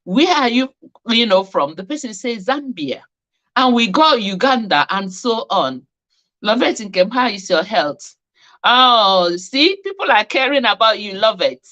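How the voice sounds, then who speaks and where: Animated woman hosting a live chat. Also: fairly high pitch, a little slow, dull audio. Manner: chatty, teasing, laughs often, exclaims. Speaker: host of a live weight-management Q&A. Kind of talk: live-stream chat reading viewer comments.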